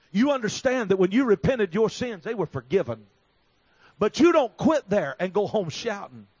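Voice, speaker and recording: A man's voice: high voice, slightly rough, no echo, full character voice. A male preacher voicing the Lord as a patient, fatherly divine voice who instructs him. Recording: slightly dull recording.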